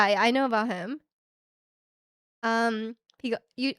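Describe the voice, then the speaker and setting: A young woman from Canada chatting with her live stream audience, her voice sitting a little higher than most. She rambles through her thoughts with plenty of filler words and easy laughter. The sound is close and dry, with no room around it. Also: dry recording. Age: young adult. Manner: rambling, heavy use of "like" fillers, frequent laughs. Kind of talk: casual chat reading stream chat.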